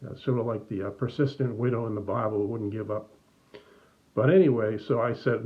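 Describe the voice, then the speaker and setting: Man telling a lively kids' story. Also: fairly low pitch, a little fast, narrow, tinny audio. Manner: animated, acts out voices. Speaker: children's message speaker. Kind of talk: storytelling to kids.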